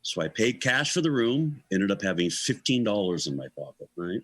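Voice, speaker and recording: Older guy telling a story on a talk show, bright voice, pitch jumping all over. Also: normal speed, low-quality recording. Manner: animated storyteller, acts out quotes, laughs between lines. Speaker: guest musician. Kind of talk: telling an anecdote in an interview.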